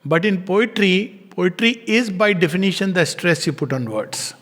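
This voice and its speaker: A man giving a gentle, unhurried spiritual talk, slowing down to stress words as he explains. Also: high voice. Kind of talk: reflective spoken lecture. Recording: long hall reverb.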